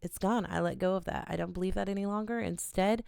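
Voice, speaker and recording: A woman, an oracle card reader, gently and earnestly talking viewers through a ritual in a small home studio in her bedroom. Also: mid-range voice, fast talker, vocal fry, clean tone, no echo. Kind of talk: casual guided ritual talk.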